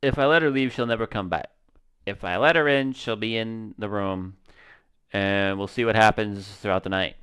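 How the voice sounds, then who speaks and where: A man giving casual gaming commentary, animated and slangy, swearing and talking to his viewers. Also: lowish voice, normal speed, clear, resonant tone. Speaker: gaming streamer.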